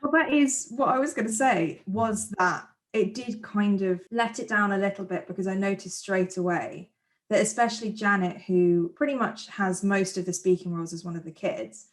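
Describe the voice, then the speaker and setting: A woman from England co-hosting a podcast, chatting casually and giving her opinions on a film's casting with quick asides. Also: medium pitch. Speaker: podcast co-host. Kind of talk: casual film review chat.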